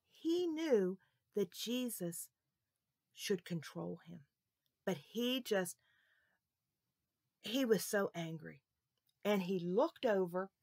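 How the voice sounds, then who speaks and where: A woman telling a Bible story to children, expressive and asking her listeners questions. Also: mid-range voice, no room sound, clean studio sound.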